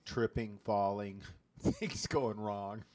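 A man's voice: lowish voice, fairly even intonation, takes it slowly, background noise. A man guesting on a podcast, giggling and telling tall tales with a straight face. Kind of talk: casual chat.

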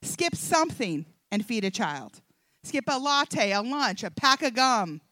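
Bright, high-voiced woman telling a story. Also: a little slow, dry recording. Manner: animated storytelling, acting out the dialogue. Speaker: speaker at a Christian event. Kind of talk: humorous testimony talk to an audience.

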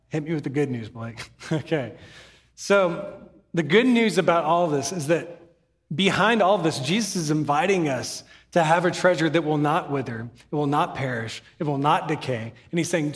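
A man's voice: a little high, animated, moderate pace, long reverb tail. A man giving a sermon as pastor, earnest and conversational, with humorous asides, in a church sanctuary.

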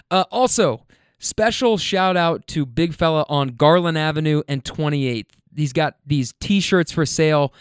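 Smooth-voiced man telling funny stories. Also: fairly high pitch, dry recording, clean studio sound. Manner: laughing, animated, stumbling restarts. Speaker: rideshare driver and show host. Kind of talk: casual storytelling. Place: Louisville.

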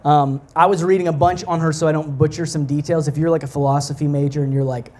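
A young man and guest preacher giving a sermon in a casual, conversational way, with many fillers and restarts, turning soft and low when he prays. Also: fairly even intonation, quick pace. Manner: drops soft and low in prayer. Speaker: pastoral apprentice, guest preacher.

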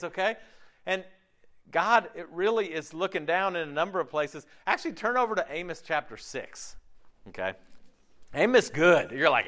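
A male preacher with a fairly high voice that leaps up and drops low as he drives home each point. His delivery is conversational and animated, full of rhetorical questions and little acted-out voices. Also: normal speed. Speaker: pastor. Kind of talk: sermon.

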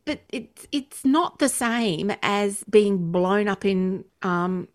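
A woman co-hosting a casual chat podcast, talking haltingly with many fillers. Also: medium pitch. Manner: hesitant, lots of fillers and restarts. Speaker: podcast co-host.

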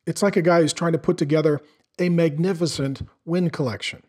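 A man's voice: a little high, steady tone, a little fast, a little mellow. A middle-aged man preaching a sermon in an earnest, conversational way, asking the listeners questions. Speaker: pastor.

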